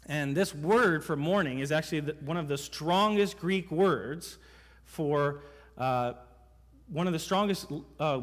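A male pastor preaching an emphatic sermon, his voice sitting a little higher than most men's. He leans on rhetorical questions to draw the congregation in. Long reverb carries his words around the church. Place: church sanctuary. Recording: reverberant hall sound.

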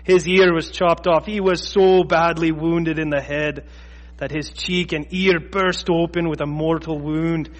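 A man putting on a Scottish accent to read an old epic tale aloud in a slow, theatrical way. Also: on the high side, fairly even intonation, big-room sound, lightly acted. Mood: declaiming. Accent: put-on Scottish. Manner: slow, declaiming, theatrical reading.

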